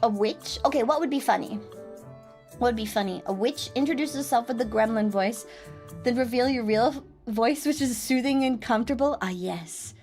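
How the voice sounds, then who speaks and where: A woman's voice: on the high side, normal speed, a little mellow, faint music behind. A woman streamer chatting casually and playfully with her viewers, giggling often. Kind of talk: casual chat on a livestream.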